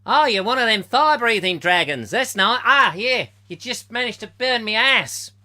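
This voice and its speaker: A man putting on a loud, high mock Australian accent as a cheerful young Australian man with a dragon. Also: animated, normal speed, full character voice. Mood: jolly. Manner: loud, high, jokey caricature.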